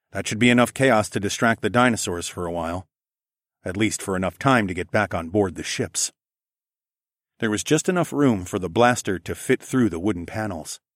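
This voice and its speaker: A man narrating a first-person adventure story in a steady, matter-of-fact reading. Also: fairly low pitch, no echo, studio quality.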